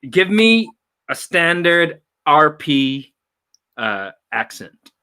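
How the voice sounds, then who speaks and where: Man from the philippines hosting a chat, bright voice, laughs a lot. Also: on the high side, drawn-out words, smooth. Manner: animated, laughs often. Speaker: host. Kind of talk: casual chat.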